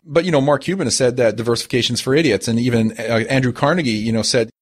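A man hosting a podcast, conversational, steering the discussion. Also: mid-range voice. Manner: fast, conversational, steering the talk. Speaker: podcast host. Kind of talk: casual podcast chat.

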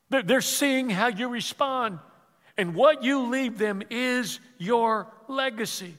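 A man preaching as pastor, telling a story with repeated words and dropping to a hush for emotional quotes. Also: high voice, big-room sound. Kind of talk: sermon.

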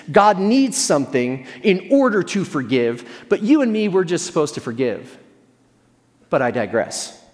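A man's voice: high-pitched, long reverb tail. A male pastor giving a sermon in a conversational, storytelling way with self-deprecating humor.

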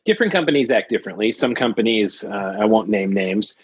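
Low husky man, rambling guest. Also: animated, a little fast, no echo, highs cut off. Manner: rambling, many fillers and restarts. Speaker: guest, trading card artist. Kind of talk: casual podcast interview.

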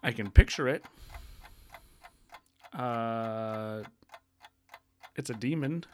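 A man's voice: medium pitch, very slow, a little mellow, a little hiss or hum. A man working through a trivia question among friends, his voice in the middle range. He rambles about what he remembers and jokes dryly. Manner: dry sarcasm, rambling. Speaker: quiz contestant. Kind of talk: casual game chat.

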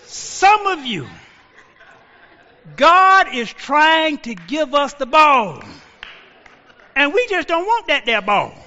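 Older guy preaching a sermon, really bright voice, storyteller, shouts the quotes. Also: very high voice, big pitch swings, slow pace, pauses often, in a large hall, lo-fi sound. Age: 60s. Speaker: pastor.

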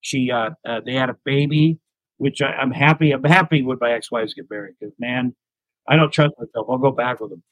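A man's voice: mid-range voice, fairly quick, a bit bright, dry recording, lo-fi sound. A middle-aged man from the United States, a comedian telling candid stories as an interview guest, rambling and self-deprecating. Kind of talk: candid anecdotal storytelling.

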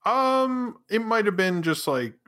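A man's voice: high voice, slow. A man co-hosting a podcast, chatting casually with lots of fillers and restarts. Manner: rambling, filler-heavy, lively. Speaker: podcast co-host. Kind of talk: casual chat.

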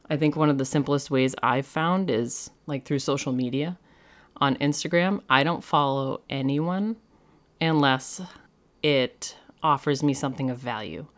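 A woman with a strikingly low, deep voice talks through her own podcast episode. She rambles loosely and casually, and fills her sentences with "like" and "you know". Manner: chatty and rambling, heavy use of "like". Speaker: podcast host and medium. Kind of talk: casual solo podcast monologue.

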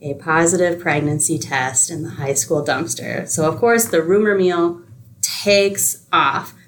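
A woman's voice: low-pitched, measured pace. Chatty woman retelling a film plot. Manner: animated retelling, acting out characters' lines. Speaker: podcast co-host. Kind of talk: casual film recommendation chat.

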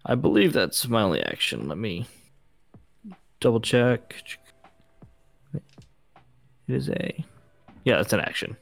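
A man's voice: mid-range voice, huge pitch swings, takes it slowly, vocal fry, long pauses, soft background music. A man playing a tabletop game, explaining his turn in an easygoing way and thinking aloud. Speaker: player. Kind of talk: casual tabletop play.

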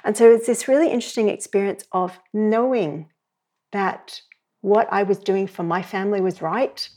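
A middle-aged woman speaking as a parenting educator in a podcast interview, telling stories in a lively way and acting out the voices she quotes. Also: mid-range voice, moderate pace. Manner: lively storyteller who acts out quoted voices.

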